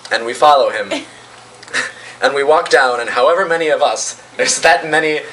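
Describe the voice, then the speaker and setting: A man improvising an imaginative story for friends, with animated, playful narration. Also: mid-range voice, normal speed. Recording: distant mic with faint noise.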